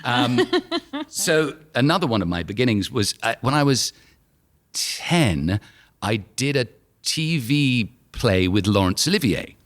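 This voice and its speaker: A man's voice: mid-range voice, big pitch swings, measured pace, a bit bright. A man in his fifties with a London accent, an actor telling anecdotes as a podcast guest, laughing through his stories. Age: 50s. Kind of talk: casual anecdotal chat.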